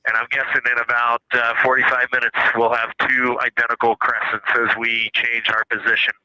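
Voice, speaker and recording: A man reporting calmly from a spacecraft over a radio link to mission control. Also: mid-range voice, fairly quick, no echo, low-quality recording. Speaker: astronaut.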